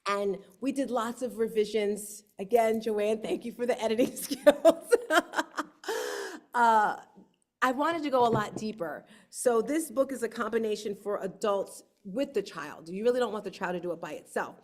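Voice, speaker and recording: A woman hosting her book launch on a livestream, telling lively stories and acting out quotes. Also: on the high side, normal speed. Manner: lively storyteller, acts out quotes. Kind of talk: casual livestream talk.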